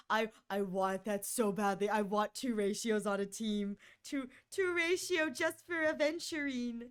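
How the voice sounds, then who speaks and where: Bubbly woman streamer, Northern US accent, high and smooth, casual live-stream chat. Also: measured pace, hardly any pauses. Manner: bubbly and excitable, laughs often.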